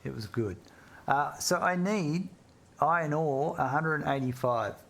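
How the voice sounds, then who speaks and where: A man's voice: fairly high pitch, measured pace, vocal fry, a bit bright, a little hiss or hum. A man chatting casually with viewers while streaming a video game, reading chat aloud and laughing easily.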